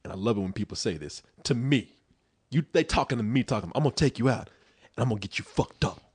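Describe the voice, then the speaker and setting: A man's voice: mid-range voice, fast talker, breathy edge, no room sound. A man telling a rowdy story in casual chat, swearing freely and laughing along with his own tale. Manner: profane, animated storytelling with laughs. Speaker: storyteller on a talk show.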